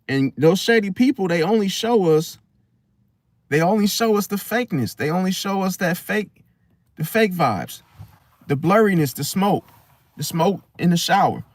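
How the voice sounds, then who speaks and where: Man, casual monologue, slangy, acts out voices, higher pitch, dry sound. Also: no room sound. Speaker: astrology channel host.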